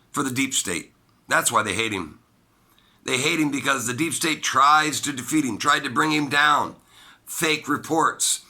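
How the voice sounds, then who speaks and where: Solo commentator, male, forceful and bright, rough fry in the voice, swings from loud emphasis to hushed asides. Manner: emphatic, swings between loud high bursts and low quiet asides. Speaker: political commentator. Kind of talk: solo opinion monologue.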